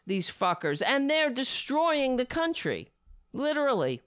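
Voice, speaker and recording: A woman ranting angrily about politics, profane and sarcastic, who drops into a soft baby voice for her cat. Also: sits high, very animated, a little slow, no room sound, studio quality. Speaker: political commentator.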